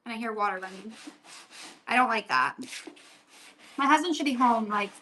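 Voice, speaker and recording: This livestream seller has a fairly high, expressive voice with a pushed, bright quality, speaking at normal speed over slight background noise. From her table at home, she crafts on a casual stream, chatting and reading out viewer comments as she goes.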